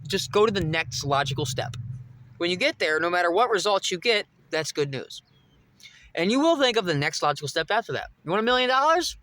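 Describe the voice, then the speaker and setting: A man's voice: fairly high pitch, fairly bright tone. A young man vlogging, telling a rambling, profane story straight to his viewers. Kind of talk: casual monologue to camera.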